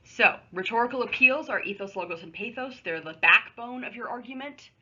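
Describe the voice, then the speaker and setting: A high school English teacher, a woman, records a remote lesson at home on a computer microphone, with the highs cut off. Her voice is a little high, expressive, sharp, and slightly rough, and she talks fairly quickly. She explains patiently and conversationally, dropping in small asides.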